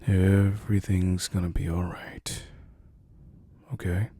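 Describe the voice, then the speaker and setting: A man speaking softly and soothingly as a caring boyfriend in a whispered role-play. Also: low voice, level tone, slightly rough, no room sound, studio quality. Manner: soft, slow, soothing reassurance.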